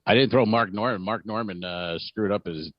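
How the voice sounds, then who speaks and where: A man co-hosting a comedy podcast, chatting casually in a rambling way with quick asides. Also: on the low side, dry recording, muffled recording. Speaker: podcast co-host.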